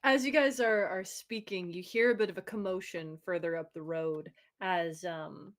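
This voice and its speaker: A woman's voice: on the low side, normal speed. A woman narrating a tabletop game as game master, rambling with fillers and frequent laughter.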